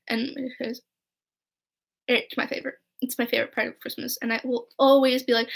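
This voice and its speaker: A woman's voice: a little high, little pitch movement, moderate pace, gravelly, long pauses, slight background noise. A young woman vlogger telling casual, rambling stories, full of "like" and "right?" and quoting people in dialogue. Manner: chatty and rambling, with frequent "like" and "right?". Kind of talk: casual storytelling.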